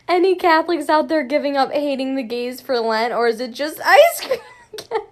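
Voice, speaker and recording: High-voiced girl reading tweets, giggling the whole way through. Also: lively intonation, moderate pace. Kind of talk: reading tweets aloud to camera.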